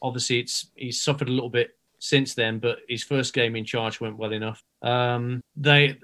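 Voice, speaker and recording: A man, a broadcaster guest, giving a calm, measured rundown of a football team. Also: mid-range voice. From England. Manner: measured, analytical. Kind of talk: casual chat, match analysis.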